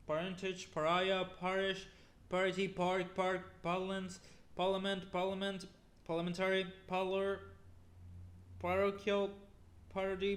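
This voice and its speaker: A man's voice: high voice, a bit bright. A man reading a long list of words aloud one after another, often stumbling, restarting and repeating them, sounding weary from the long reading. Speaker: YouTuber.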